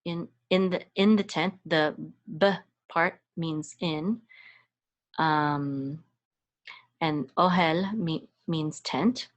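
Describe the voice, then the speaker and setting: A woman's voice: sits low, drawn-out words. A woman teaching a Hebrew reading lesson, walking patiently through letters and vowel sounds one at a time, with frequent hesitations and restarts. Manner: spells out sounds and syllables one by one. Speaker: Hebrew and Torah chanting teacher. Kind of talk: slow step-by-step reading lesson.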